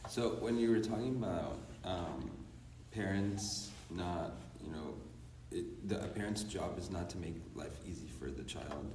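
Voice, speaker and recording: A man's voice: deep voice, measured pace, darkish tone, slight background noise. A man in the class asking a question, hesitant and searching for words, picked up from a distance. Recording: distant, echoey room.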